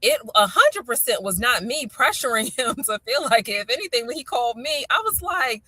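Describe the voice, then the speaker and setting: A middle-aged woman with a Baltimore accent, hosting a casual chat and telling stories with lively acted-out quotes. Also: on the high side, fairly quick, hardly any pauses, slightly rough, dry recording. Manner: animated storyteller, acts out quotes. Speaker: podcast host.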